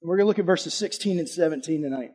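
A man with a fairly high, quick voice delivers a casual, chatty sermon, putting questions to the audience and sharing a personal story. He's lively, shifting between loud emphasis and quiet asides.

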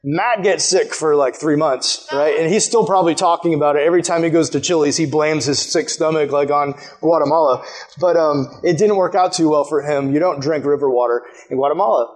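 A young American man telling a rambling, animated story to a room full of listeners, full of "like" fillers. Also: on the high side, a little fast. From United States. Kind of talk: storytelling talk to a group. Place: room with a live audience.

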